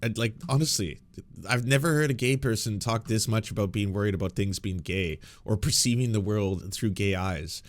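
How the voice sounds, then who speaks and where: A man's voice: on the low side, normal speed, no room sound. A man hosting reaction commentary, mocking and sarcastic, laughing often. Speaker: commentary host.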